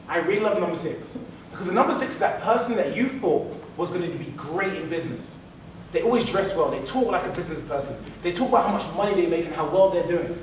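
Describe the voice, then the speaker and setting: A man giving an animated motivational business keynote, repeating phrases for emphasis. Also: high-pitched. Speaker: keynote speaker. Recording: echoey hall, mic from far off, faint noise.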